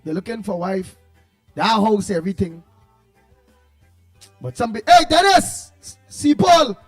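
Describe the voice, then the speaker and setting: A man's voice: sits high, sing-song, a little slow, faint music behind. A Trinidadian man hosting a casual morning radio show, rambling and calling out listeners' names in greeting. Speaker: radio host.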